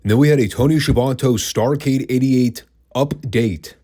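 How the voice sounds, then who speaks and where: A man's voice: mid-range voice, fairly even intonation, normal speed, mellow. A man hosting a wrestling podcast, reviewing old matches in a casual, dry and sarcastic way.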